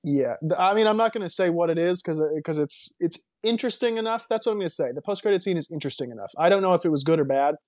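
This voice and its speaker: A man's voice: fairly high pitch, expressive, fast, hardly any pauses, darkish tone, no echo, clean studio sound. A man co-hosting a casual movie podcast, rambling and emphatic, with lots of restarts and strong opinions. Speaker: podcast co-host.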